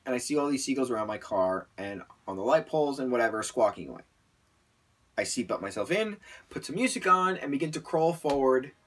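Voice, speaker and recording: A man's voice: a little high, a bit bright, husky. A young man reading comic journal entries aloud, telling his stories in an exasperated, sarcastic way. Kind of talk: comedic storytelling.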